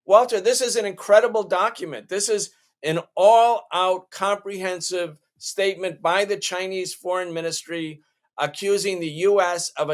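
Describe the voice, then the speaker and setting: A male show host giving emphatic political commentary, often restarting his sentences. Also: sits high.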